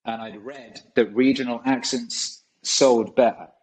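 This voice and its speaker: A man's voice: mid-range voice, steady tone, a little slow, husky, low-quality recording. A man in his forties, a guest on a podcast, telling rambling stories in a casual way and swearing often. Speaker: guest musician. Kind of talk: casual storytelling.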